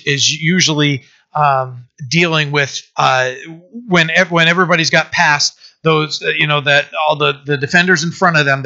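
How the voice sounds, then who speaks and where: Preaching in a dull, lo-fi sermon recording, this middle-aged pastor has a fairly high voice with a bright, pushed quality. His sermon is chatty and meandering, full of fillers and restarted lines.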